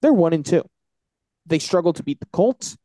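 Animated man hyping football picks. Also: a little high, normal speed, dry recording. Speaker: podcast co-host. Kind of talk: casual sports picks chat.

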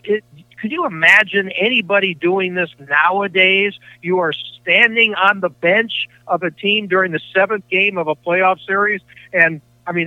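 A man's voice: high voice, no room sound. Older man telling stories over the phone. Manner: chatty, rambling anecdotes with self-corrections. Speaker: sports broadcaster guest. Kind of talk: storytelling in casual conversation. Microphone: phone line. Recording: tinny dry phone line.

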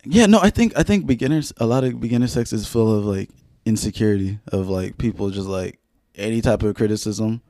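A man's voice: fairly low pitch, brisk, dark tone, no echo, clean studio sound. A young man on a podcast, teasing his co-host in casual slang, full of fillers and laughter. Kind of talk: casual chat.

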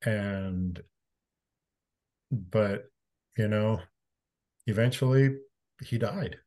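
Interview guest: low-voiced Canadian man, frank storyteller, casual swearing, calm to emphatic. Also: drawn-out words. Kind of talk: candid conversational storytelling.

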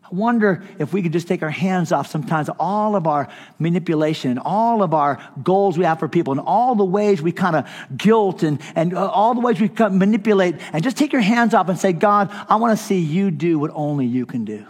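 A middle-aged male pastor tells stories from the pulpit in an impassioned, conversational way, with a light humorous edge. His voice sits high for a man. It carries on a stage microphone with a long reverb off a large hall. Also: brisk, few pauses, darkish tone. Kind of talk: sermon storytelling. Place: conference hall.

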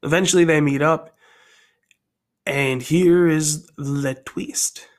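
A man casually telling his own story idea aloud, rambling and thinking out loud as he goes. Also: a little high, steady tone, takes it slowly.

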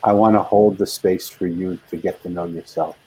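A man's voice: low-pitched, fairly even intonation, moderate pace, dark tone, slightly rough, poor audio. An older man, a guest author, telling a heartfelt story in an interview with earnest, building intensity.

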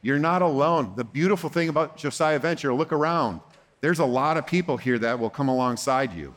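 A man speaking to a conference audience as a therapist, conversational and gentle, acting out short dialogues in quoted lines. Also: a little high, animated, brisk. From United States. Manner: gentle, reassuring when voicing the counselor. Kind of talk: conference talk.

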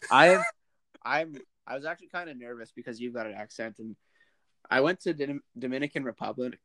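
A Canadian man as a guest on a casual podcast, telling stories in an animated, upbeat way. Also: medium pitch, a little fast. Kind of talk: casual chat.

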